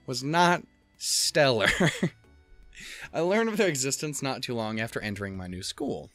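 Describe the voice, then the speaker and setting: A young man talks through a visual novel in casual let's-play commentary, swearing freely and mocking himself between lines of dialogue. His pitch swings widely as he rambles, with faint music underneath. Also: expressive, a little slow, pauses often, a bit bright. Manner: profane, rambling, self-mocking asides. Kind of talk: casual gameplay commentary with read-aloud dialogue.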